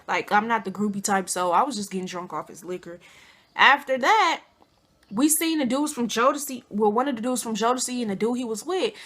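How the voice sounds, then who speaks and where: A young woman vlogger telling a casual storytime, animated and slangy, acting out quotes with big jumps in pitch. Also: brisk. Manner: informal slangy speech.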